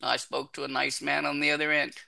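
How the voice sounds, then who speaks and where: Man in recovery telling his story, bright-edged voice, blunt and swearing, drops from fierce to hushed. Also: a little high, level tone, brisk, gravelly. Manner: raw, blunt and heavily profane, swinging from intense to hushed. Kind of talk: personal recovery testimony.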